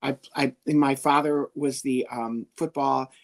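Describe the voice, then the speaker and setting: A man, a comedian guest on an interview show, telling an animated story and acting out the people in it. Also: medium pitch, unhurried, gravelly. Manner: lively, animated, acts out the people he quotes.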